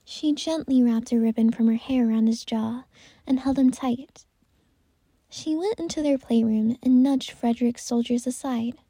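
A woman narrating a bedtime story in a gentle, unhurried way, at times dropping into a whisper. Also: on the high side, husky, no echo.

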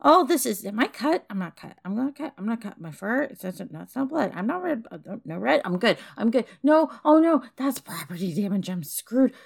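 A woman voicing a hyper house cat high on catnip, rambling and repeating herself as she swings between giddy and panicked. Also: sing-song, fairly quick, creaky, few pauses, breathy edge, heavily acted. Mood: flustered. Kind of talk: comedic improvised monologue.

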